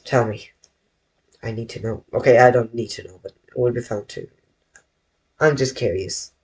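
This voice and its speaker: In his bedroom, a man draws on a live stream and rambles casually to viewers. His medium-pitched voice is darkish and slightly rough, and his delivery is slow and self-correcting as he addresses chat.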